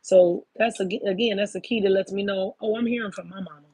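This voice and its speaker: A woman's voice: mid-range voice, steady tone, a little fast, warm tone, breathy edge, no echo. A woman in her fifties giving a casual spiritual monologue, emphatic and profane, often calling listeners "baby.". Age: 50s. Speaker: spiritual talk host.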